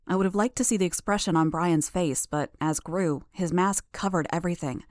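A woman reading an audiobook chapter in the first person, in a steady, measured manner. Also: fairly low pitch, no echo, clean studio sound. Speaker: audiobook narrator.

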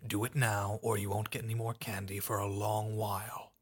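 A man's voice: lowish voice, level tone, moderate pace, husky. A man voicing a cold, calculating adult male crime boss, speaking in curt, commanding sentences.

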